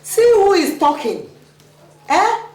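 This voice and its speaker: A woman's voice: very high voice, big pitch swings, a little mellow, exaggerated voice. An actress with a Nigerian accent playing a harsh mother who calls her son names. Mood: bossy. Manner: insulting, slow and sing-song. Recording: distant echoey film audio.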